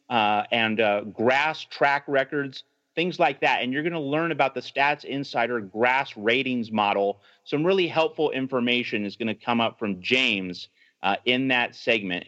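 A man at a middle pitch lays out what's coming on a sports podcast, reading a rundown and stumbling into a few fillers along the way. The audio is a little dull and lo-fi. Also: a bit bright. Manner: reads a rundown with fillers and restarts. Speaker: podcast co-host. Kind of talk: scripted show rundown.

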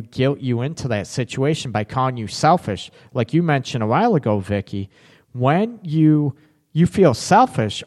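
A man's voice: mid-range voice, a little mellow, in a large hall. A man hosting a relationship talk show, reading viewer comments and answering in a candid, chatty way. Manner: candid, frank, chatty with frequent restarts. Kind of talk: live-stream chat reading viewer comments.

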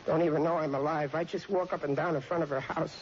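A man's voice: fairly high pitch, steady tone, fast, natural voice. An actor playing a shy, clumsy, lovestruck teenage boy who stammers awkwardly, in a 1940s radio sitcom. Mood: bashful. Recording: dull hissy old radio recording.

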